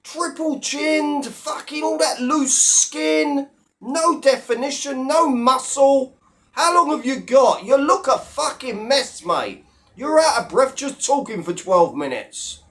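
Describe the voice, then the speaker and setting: A man's voice: very high voice, animated, takes it slowly, a bit bright. A man rants straight to his viewers, blunt and full of swearing. His tone stays scornful and mocking as he tears into his targets. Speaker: online commentator. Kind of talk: profane rant to camera.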